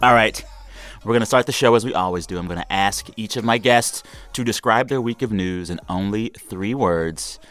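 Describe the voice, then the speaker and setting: A man's voice: lowish voice, normal speed, a bit bright. A man from Texas hosting a radio talk show, chatting casually and playfully and laughing often. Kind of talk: casual chat.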